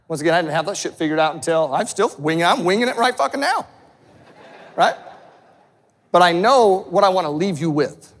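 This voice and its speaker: A man's voice: high voice, long reverb tail. A man giving a fired-up motivational speech to a live audience, intense, swearing and calling people "man" again and again. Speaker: motivational speaker.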